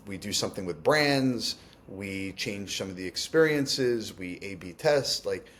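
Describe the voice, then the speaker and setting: A man, a company CEO, speaking candidly and reflectively in a conversational interview, often restarting sentences and filling with "like". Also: lowish voice. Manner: candid and reflective, fast bursts with frequent restarts and "like".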